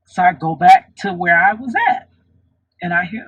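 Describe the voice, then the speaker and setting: A woman's voice: lowish voice, fairly even intonation, moderate pace, fairly bright tone, husky, highs cut off. A woman vlogger telling a personal story in an earnest, reflective way, often restarting her sentences.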